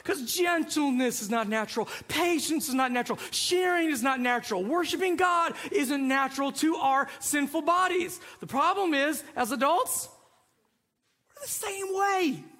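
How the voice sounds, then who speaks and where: High, bright-voiced storytelling pastor. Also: male voice, moderate pace, few pauses. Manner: animated storytelling, acts out voices. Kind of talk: sermon.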